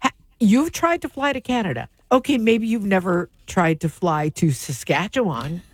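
A woman's voice: medium pitch, expressive, moderate pace, husky, dry recording. A woman co-hosting a morning radio show, teasing her partner with lots of giggles. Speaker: radio co-host. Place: radio studio.

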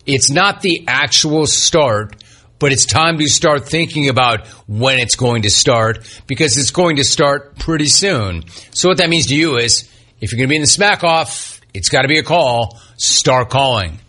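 Male sports radio host, husky and bright, punchy and opinionated, faint music underneath. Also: medium pitch, expressive, measured pace. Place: radio studio.

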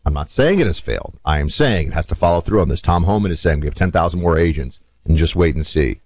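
A man's voice: a bass voice, fast, dry recording. A man hosting a talk show, giving an opinionated political monologue and acting out little scenes in raised voices. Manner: animated, acts out scenarios in raised voices. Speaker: talk radio host.

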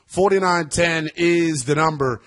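A man hosting a sports talk radio show, talking in an animated, emphatic way that gets loud at times. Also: a little high, slow pace.

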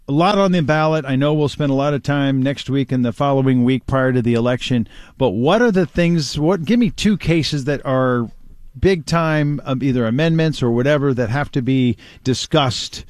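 Brief: mid-pitched male host, curious, questioning, dry studio sound. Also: a little mellow, clean tone, no echo. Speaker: talk show host. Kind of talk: political talk radio interview.

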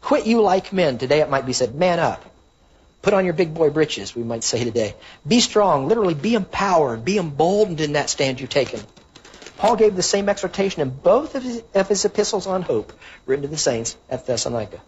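Husky-voiced preacher, lively emphatic delivery. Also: male voice, fairly high pitch, fast. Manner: earnest, emphatic Bible teaching with verse citations. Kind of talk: sermon. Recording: dull lo-fi recording.

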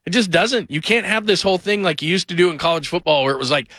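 High bright-voiced guy running a sports call-in show, rambling and animated, dry studio mic. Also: quick pace, no room sound. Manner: animated, rambling, mimics people in put-on voices. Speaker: sports radio host. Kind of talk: call-in sports radio talk.

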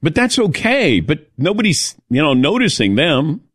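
Middle-aged man, radio host, casual sports talk, swooping lively voice, dry close studio mic. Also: on the high side, normal speed, breathy edge, no room sound. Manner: animated, calls on co-hosts by name, self-mocking.

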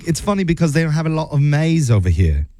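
A man voicing a cheeky, condescending airline customer care agent in a deliberately bad British accent. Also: on the high side, very animated, dark tone. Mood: smug teasing. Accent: bad put-on British. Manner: teasing, smug, condescending.

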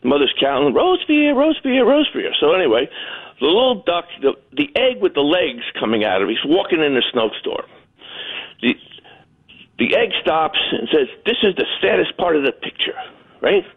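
Man, caller, jokey storyteller, lively pitch, tinny phone line. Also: normal speed. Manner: jokey storyteller, acts out voices.

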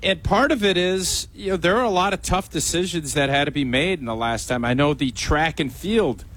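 A man's voice: on the high side, moderate pace, a bit bright, slight background noise. A man as a guest on a sports talk show, answering thoughtfully with hesitant restarts. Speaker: guest commentator.

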